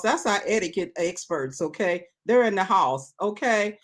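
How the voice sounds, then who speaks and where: A woman's voice: mid-range voice, lively intonation, moderate pace, few pauses, a bit bright. A middle-aged woman hosting her own live-stream talk show, chatting casually and greeting viewers by reading their comments aloud.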